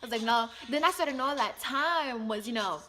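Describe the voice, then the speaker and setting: A young woman casually telling a personal story to camera, chatty and animated, acting out what people said. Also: fairly high pitch, a little fast.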